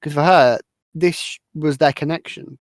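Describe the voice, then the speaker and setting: Young man, British accent, slightly high pitch, dry close sound, rambling casual recap. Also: unhurried, no room sound. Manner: rambling movie recap, filler-heavy, laughs often. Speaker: podcast host. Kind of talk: casual podcast chat.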